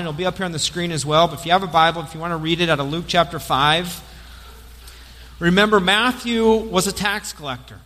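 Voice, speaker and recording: A lively male pastor preaches a sermon in a high, bright voice. His amplified voice rings out with long reverb through the church sanctuary.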